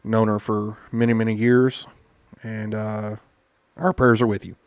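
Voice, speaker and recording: An American man who's a parent hosts a casual political podcast, speaking bluntly and with indignation and plenty of filler words. His voice is fairly low with little pitch movement, and he talks unhurriedly. There's no room sound.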